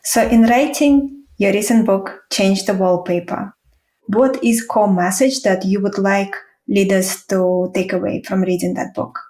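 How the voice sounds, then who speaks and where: A woman's voice: medium pitch, steady tone, unhurried, mellow. A woman hosting an interview, asking polite, concise questions. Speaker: podcast host, interviewer. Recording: roomy echo.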